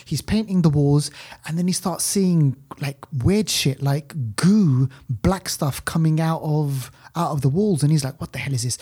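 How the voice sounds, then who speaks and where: A man hosting a film podcast in loose, animated chat. His voice is mellow and relaxed. He rambles through a story with plenty of restarts. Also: fairly high pitch, husky. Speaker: podcast host, film reviewer. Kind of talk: casual chat.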